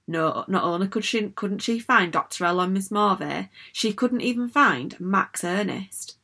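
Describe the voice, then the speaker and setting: A woman narrating a children's storybook in an even, measured reading. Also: on the low side, husky. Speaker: audiobook narrator.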